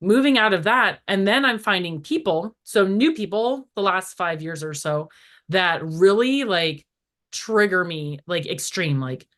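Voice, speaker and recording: Animated woman chatting about inner healing. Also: lowish voice, measured pace. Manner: animated storytelling, acts out voices in quotes; frequent "like" fillers. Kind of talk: casual spiritual chat.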